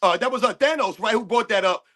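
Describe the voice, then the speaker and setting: A man's voice: high voice, fast talker, bright, forceful tone. A man co-hosting a sports rant livestream, arguing heatedly with rhetorical questions. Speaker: co-host.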